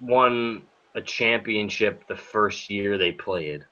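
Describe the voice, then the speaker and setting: Bright-toned deadpan co-host. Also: male voice, fairly low pitch, slow pace. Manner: dry, deadpan quips. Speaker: podcast co-host. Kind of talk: casual chat. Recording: dull lo-fi sound.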